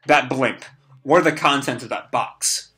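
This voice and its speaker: A fierce young male ninja teacher asks blunt, pointed questions, as a hoarse man reads him aloud. The delivery is plain and bright, with a tired scratch to the voice. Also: medium pitch, a little slow. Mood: demanding.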